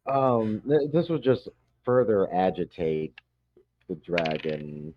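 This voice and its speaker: A man running a tabletop game as game master, describing scenes in a relaxed way with frequent ums. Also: sits low, takes it slowly, highs cut off.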